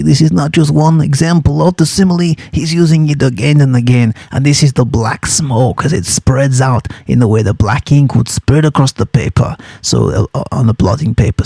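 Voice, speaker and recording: A man's voice: a little high, gravelly, dark tone, husky, dry recording. A man, a teacher, explaining a set novel in a chatty, playful way, stressing the points students must note. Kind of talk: study guide explanation.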